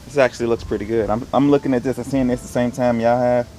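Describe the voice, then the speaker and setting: A man's voice: medium pitch, little pitch movement, fast talker, warm tone, slight background noise. A young man casually talking through his resale haul in a laid-back, rambling, slangy way. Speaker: online reseller showing his haul.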